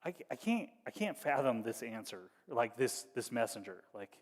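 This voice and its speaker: A male pastor preaching with a loose, conversational and wry delivery, dropping to hushed storytelling and then rising into animated bursts. His voice sits in an ordinary middle pitch and rings out with the long reverb of a church hall. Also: moderate pace. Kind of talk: sermon.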